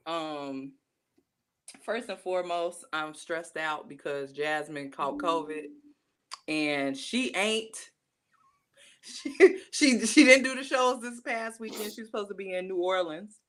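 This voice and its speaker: A woman co-hosting a casual music podcast, chatty and animated. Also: lowish voice. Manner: chatty, animated, laughs often. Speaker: podcast co-host. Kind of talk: casual chat.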